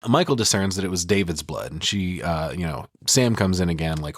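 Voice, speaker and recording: Low-pitched man in a dry booth, swearing and joking through a casual film recap. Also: dry recording. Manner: profane, animated storyteller with quick jokes. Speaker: podcast co-host recapping a film. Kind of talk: casual chat.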